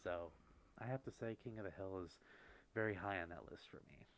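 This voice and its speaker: Soft-spoken man hosting an ASMR chat. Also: sits low, fairly quick, a little hiss or hum. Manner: reads out viewer messages and answers them gently. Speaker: livestream host. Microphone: close microphone.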